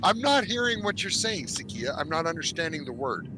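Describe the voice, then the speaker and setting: A man's voice: on the high side, big pitch swings, fairly quick, noisy background. A man hosting a casual gaming voice chat, blunt and teasing with his friends. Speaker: streamer host. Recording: music playing underneath.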